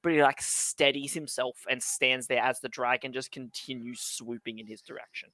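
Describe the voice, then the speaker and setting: A man's voice: mid-range voice, fairly even intonation, normal speed, pushed and bright, no echo. A man narrating as dungeon master in a tabletop game, loose and laughing as he jokes with his players.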